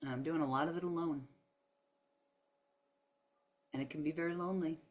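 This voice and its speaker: A woman's voice: deep voice, fairly even intonation, rapid-fire, a little mellow. A woman giving a heartfelt motivational talk on self-love, emphatic and emotional, often saying "y'all". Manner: emphatic, preachy, uses "y'all". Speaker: spiritual self-help speaker.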